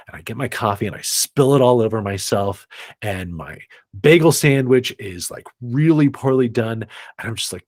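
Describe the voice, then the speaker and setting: A man telling an animated story to a church media group, acting out what people said. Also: medium pitch, normal speed, no echo, clean studio sound. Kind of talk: storytelling in a group video call.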